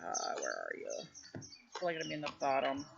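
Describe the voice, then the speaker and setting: A woman hosts her own channel in a loose, rambling vlog chat full of fillers, recorded outdoors. Her voice has a gravelly, fry-edged texture. The audio is dull and lo-fi, with faint birdsong behind her. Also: rumbling low, wildly swooping pitch, fairly quick, background noise. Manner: rambling, chatty, many fillers. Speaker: tarot channel host. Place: outdoors near her house.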